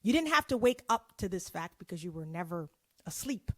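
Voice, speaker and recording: A woman's voice: on the low side, sing-song, a little fast, no echo. A woman giving a motivational keynote, conversational and playful, with frequent asides to her audience. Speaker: keynote speaker.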